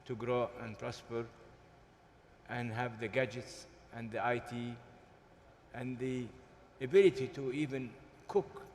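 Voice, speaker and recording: Man on a conference panel, emphatic, halting, long hall reverb, faint background hum. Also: medium pitch, fairly even intonation, a little mellow. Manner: deliberate, emphatic, with frequent hesitations. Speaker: panel speaker. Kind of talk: panel discussion.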